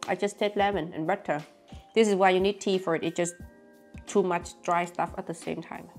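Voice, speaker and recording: A woman's voice: on the low side, a little mellow. A young woman, chatting casually and giggling as she tastes food for her vlog. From Vietnam. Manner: giggly, chatty, non-native phrasing. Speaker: vlogger.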